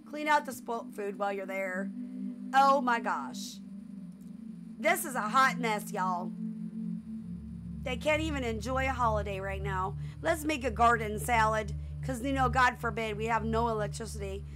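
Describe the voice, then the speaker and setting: A woman casually commenting on her own gameplay, excitable and full of exclamations, often laughing. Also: on the high side, a little slow, background noise. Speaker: gameplay streamer. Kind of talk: casual let's-play commentary.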